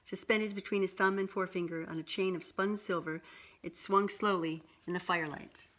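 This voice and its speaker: A woman reads a picture book aloud with a slightly low voice. She stops now and then to point out the pictures to a listener. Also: steady tone, fairly bright tone. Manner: pauses to show pictures to a listener. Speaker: storyteller.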